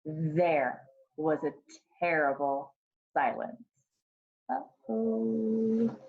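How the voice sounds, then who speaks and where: Woman kindergarten teacher, story time, slow and very lively pitch. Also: narrow, tinny audio, a little hiss or hum. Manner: slow, expressive storytelling with questions to the class. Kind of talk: reading a picture book aloud to children.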